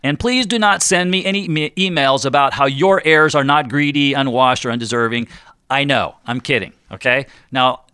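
A man's voice: mid-range voice, normal speed, pushed and bright, clear, resonant tone, no room sound, clean studio sound. A man hosting a radio talk show on retirement planning, chatty and jokey, teasing listeners and often laughing at himself. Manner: jokey, chatty, self-deprecating.

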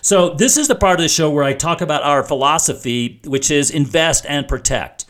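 A man's voice: fairly high pitch, a little fast, a bit bright. Conversational middle-aged male radio host. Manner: conversational, explanatory, frequent restarts. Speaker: radio finance show host. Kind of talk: talk radio monologue.

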